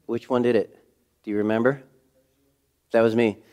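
A middle-aged man preaching a sermon in a conversational way, full of rhetorical questions, swinging between loud emphasis and hushed moments. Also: mid-range voice, level tone, moderate pace. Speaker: pastor.

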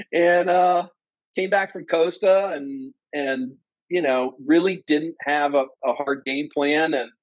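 A man's voice: slow, no echo, dull audio. Earnest man telling his story. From Ohio, USA. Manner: earnest, animated storyteller who acts out quotes in a higher voice. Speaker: guest, former company president. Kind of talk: personal storytelling in an interview.

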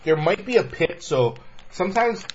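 A man's voice: sits high, moderate pace. A man hosting a casual snack-tasting chat with friends, rambling and laughing easily. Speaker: host. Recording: lo-fi with steady noise.

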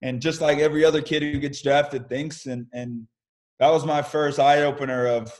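This podcast guest is a young American man who plays pro baseball, swapping candid career anecdotes in a laid-back video-call interview. He talks at a moderate pace in a fairly high voice, lively and informal, with mild profanity here and there.

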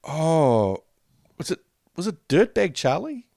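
Man, podcast co-host, bouncy animated voice, jokes and laughs a lot, dry close sound. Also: a little high, slow, gravelly, no echo. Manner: animated, jokey, laughs often. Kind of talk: casual chat, trivia quiz.

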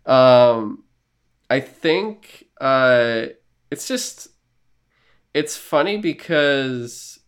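A man's voice: medium pitch, lively intonation, extremely slow, long pauses, clear, resonant tone. A man co-hosting a podcast in casual chat, rambling and joking with casual swearing. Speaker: podcast co-host.

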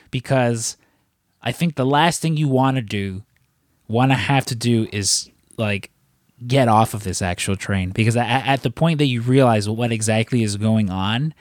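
A man's voice: fairly low pitch, no echo, studio quality. A man co-hosting a casual film discussion, talking in a rambling, reflective way. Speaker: podcast co-host.

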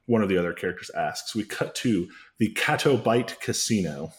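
Low-voiced man recapping with dry jokes. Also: animated, moderate pace. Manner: rambling, self-correcting recap with dry jokes. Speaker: podcast host. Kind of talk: comedic recap chat.

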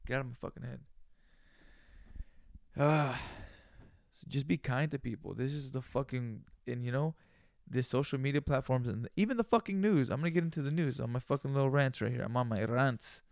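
A man's voice: medium pitch, vocal fry, dry recording, studio quality. A man hosting a solo podcast, talking in a loose, profane, rambling rant. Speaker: podcast host.

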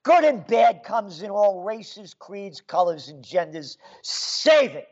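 Sarcastic ranting man, slow and high. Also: big pitch swings, darkish tone, lo-fi sound. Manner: sarcastic, angry, mocking. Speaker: political commentator. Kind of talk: ranting monologue.

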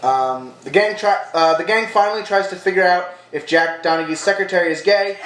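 A man's voice: sits high, brisk, a bit bright. A young man hosting a casual podcast, talking with many restarts and fillers while stalling for time. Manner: hesitant, lots of restarts and stalling. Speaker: podcast host. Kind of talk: casual chat. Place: apartment room. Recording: echoey room, faint noise.

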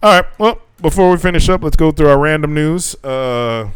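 A man co-hosting a casual podcast chat, telling animated teaching stories, swearing freely and acting out quotes. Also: fairly high pitch, moderate pace, smooth, no echo.

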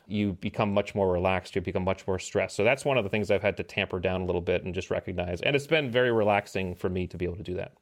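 A middle-aged man with a low-pitched voice telling a war story on a podcast. He speaks casually and animatedly, acting out the lines of the people in his story. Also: fast talker, hardly any pauses. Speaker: podcast guest, former Navy SEAL.

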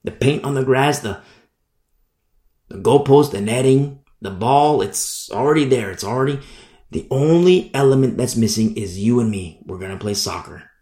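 A man preaching a Bible sermon in a conversational way, repeating and restarting phrases and slowing down to stress key words. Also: medium pitch, warm tone, echoey room.

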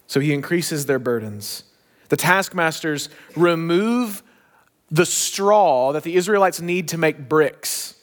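A pastor preaching a sermon, telling a story with emphatic, shifting pace. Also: male voice, fairly high pitch, expressive, takes it slowly.

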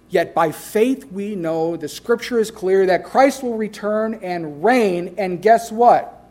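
Preaching unhurriedly, this pastor keeps his voice high for a man. Booming proclamations give way to quiet, murmured asides, and he puts heavy stress on the phrases that matter.

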